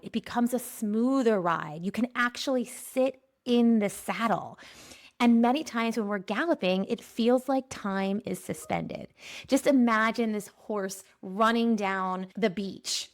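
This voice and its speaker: A woman from Pennsylvania hosts a spiritual forecast podcast in a slightly high voice. She talks playfully, laughs often and slows down to stretch out her key phrases. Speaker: podcast host. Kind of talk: spiritual energy forecast monologue.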